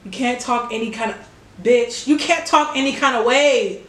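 A woman's voice: fairly high pitch, normal speed, a bit bright. A young woman reacting to music in a vlog, exclaiming, swearing and cheering along. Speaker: reaction video creator. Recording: echoey room, faint music behind. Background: music playing from a speaker.

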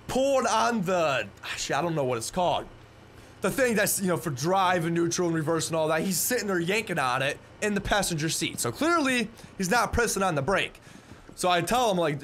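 A man's voice: high voice, a bit bright, a little hiss or hum. A young man telling a story in a casual, rambling way, often repeating words and swearing bluntly. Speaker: vlogger.

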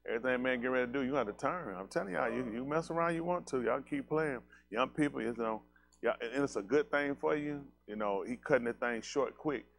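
A man's voice: medium pitch, a bit bright. A man, preaching a loose, joking sermon and speaking straight to his congregation. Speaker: pastor. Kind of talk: casual sermon talk.

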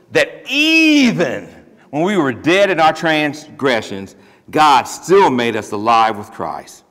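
A male pastor preaches to his congregation in a plain, conversational way and leans hard on his key words. His voice sits at a middle pitch. A long reverb trails each phrase through the church. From Ohio. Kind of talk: sermon. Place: church sanctuary.

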